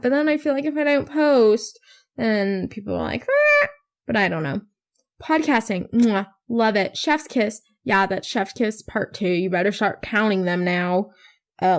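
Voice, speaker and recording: Teenage girl, podcast host, casual solo chat, rambling, self-mocking, swears casually. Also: mid-range voice. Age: teens.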